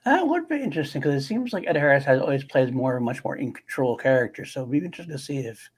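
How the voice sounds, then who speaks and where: Give me a quick, animated man with a husky voice chatting about movies. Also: mid-range voice. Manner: animated, laughs often, many restarts. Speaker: co-host of a movie podcast. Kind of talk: casual movie chat.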